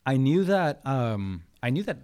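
A man in his thirties telling a personal story in a casual interview, animated, acting out quotes and swearing freely. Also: medium pitch, a little slow. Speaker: podcast guest.

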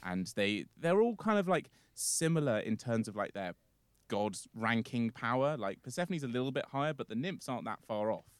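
A man's voice: medium pitch, sing-song, moderate pace, no echo. Rambling male storyteller, dry sound. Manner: rambling, filler-heavy retelling. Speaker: podcast guest storyteller. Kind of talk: casual storytelling.

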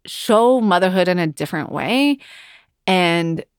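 A woman's voice: fairly low pitch, lively intonation, measured pace, clear, resonant tone, no echo, studio quality. A woman in her thirties hosting a podcast, talking frankly and emotionally with frequent swearing. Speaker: podcast host. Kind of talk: candid personal monologue.

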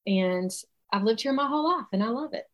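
A woman's voice: fairly high pitch, expressive, a little fast, lo-fi sound. Southern woman, chatty coaching talk. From South Carolina, US. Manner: casual, chatty, faith-centered, uses "like" and "y'all". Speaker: alcohol-free coach. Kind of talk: online coaching session.

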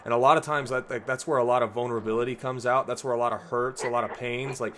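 A young man co-hosting a casual talk about faith, earnest and relaxed, saying "like" often. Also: mid-range voice, fast talker, a little hiss or hum. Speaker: podcast co-host.

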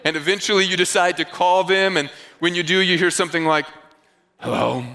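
High bright-voiced preacher in a hall. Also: male voice, fast. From Northeastern United States. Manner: animated storytelling with acted-out dialogue. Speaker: pastor. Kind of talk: sermon.

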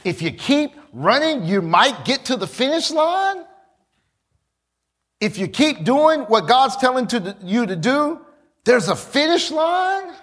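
High, animated preaching man. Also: breathy edge. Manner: preaching, rising to shouts, with quick asides to the congregation. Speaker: pastor. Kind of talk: sermon.

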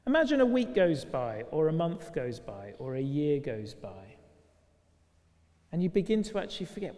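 A man preaching with a fairly high voice and a chatty, lively delivery that keeps asking the congregation questions. His sermon rings out with the long reverb of a large church. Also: moderate pace. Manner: lively, conversational, full of rhetorical questions.

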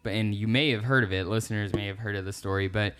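A man's voice: on the low side, steady tone, fast talker, a bit bright, clear, resonant tone. A man co-hosting a podcast, talking in an easygoing casual chat. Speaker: podcast co-host.

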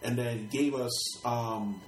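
Recorded poorly in an echoey room with a bit of hiss or hum, a middle-aged rapper from Brooklyn is being interviewed. He has a New York accent and a mid-range voice with fairly even intonation, speaking slowly. His storytelling is casual and streetwise, full of repeated and restarted words and plenty of swearing.

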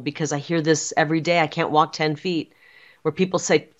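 A woman's voice: sits low, steady tone, fairly quick, dull audio. A woman speaking as a political guest in an interview, defiant and insistent, hammering her points with repeated phrases. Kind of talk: emphatic interview talk.

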